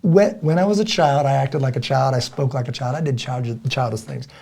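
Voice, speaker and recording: A man with a gravelly, husky voice co-hosts a casual podcast. He tells stories with energy and acts out the lines he quotes. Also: medium pitch, brisk. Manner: animated storyteller, acts out quoted dialogue loudly. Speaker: podcast co-host.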